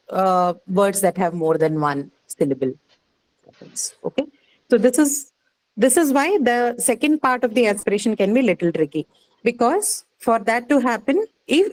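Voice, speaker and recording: A woman's voice: mid-range voice, a little mellow, poor audio. A woman with an Indian English accent teaching phonetics in a classroom lecture, explaining step by step and checking understanding with frequent questions.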